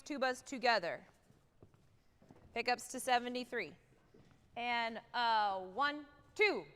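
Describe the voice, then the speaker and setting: A woman with a clean, fairly bright mid-range voice conducts a wind band rehearsal on a theatre stage. Upbeat and direct, she counts off and sings the way notes should sound, and the livestream captures the long reverb of the theatre hall.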